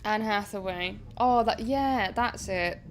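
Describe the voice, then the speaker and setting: A woman's voice: mid-range voice, slow, slight background noise. A woman with a Derbyshire-Yorkshire border accent, chatting casually and self-mockingly while streaming a game, swearing now and then. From Chesterfield, England. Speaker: gaming streamer. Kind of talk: casual let's-play chat. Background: game music.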